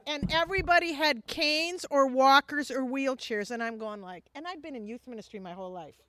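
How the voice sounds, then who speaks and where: A woman who heads a missions ministry shares her personal testimony with lots of animation, acting out the dialogue as she goes. Her voice is high-pitched and a little fast, and there's no room sound.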